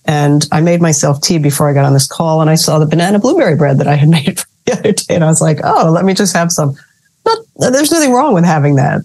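A woman's voice: deep voice, warm tone, husky. A woman hosting a casual interview, chatty and relatable, with self-deprecating humor. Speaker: podcast host.

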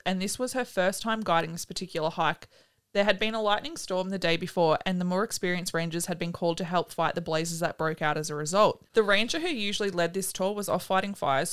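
A woman's voice: fairly low pitch, a bit bright, clear, resonant tone. A woman hosting a podcast, chatting casually and telling a story, swearing freely. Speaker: podcast host.

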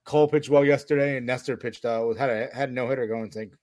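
A man's voice: mid-range voice, fairly even intonation, quick pace, darkish tone, dry recording. A New man co-hosting a podcast in casual sports banter, jokey and laughing often as he steers the talk. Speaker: podcast co-host.

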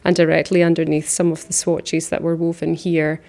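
Low, gravelly-voiced woman guide. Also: little pitch movement, moderate pace, darkish tone. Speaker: tour guide at a mill. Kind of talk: guided tour interview.

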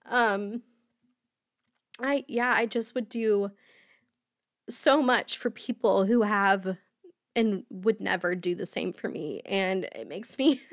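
A woman's voice: medium pitch, slow, pauses often, dry recording, clean studio sound. A young woman from Indiana hosting a podcast, telling her own story candidly and rambling with fillers and nervous laughs. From Indiana, USA. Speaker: podcast host.

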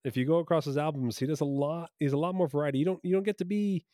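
A man's voice: fairly high pitch, racing, dark tone, no room sound, clean studio sound. A man from New Jersey in casual podcast chat, talking in an enthusiastic, rambling way and often correcting himself.

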